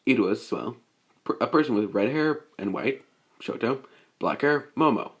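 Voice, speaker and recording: A man's voice: mid-range voice, expressive, normal speed. A young man improvising a fan-made story, rambling and restarting with lots of fillers. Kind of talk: improvised fan-fiction narration.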